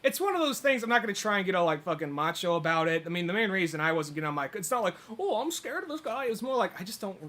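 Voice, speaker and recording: Guy on a podcast telling a story, high-ish bright voice, swears a lot. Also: very fast, hardly any pauses. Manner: storytelling, profane, animated. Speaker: podcast co-host. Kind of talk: casual chat.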